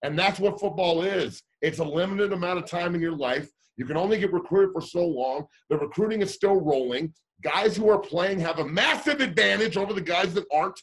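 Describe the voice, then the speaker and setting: A high school football coach ranting heatedly, blunt and swearing, fired up about his players losing their season. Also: brisk, hardly any pauses, breathy edge. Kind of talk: heated radio call-in rant.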